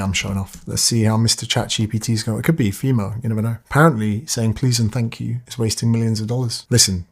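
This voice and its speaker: Gravelly low-voiced man. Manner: chatty, thinks aloud, swears when frustrated. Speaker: business mentor. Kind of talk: casual screen-share tutorial.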